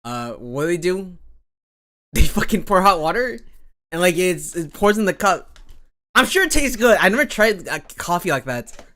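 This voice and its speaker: A young woman live-streaming, her low-set voice swinging widely in pitch as she rambles between bursts of laughter. She swears casually and sounds sleepy and a little out of it. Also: sing-song, normal speed, a bit bright. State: drowsy, low energy.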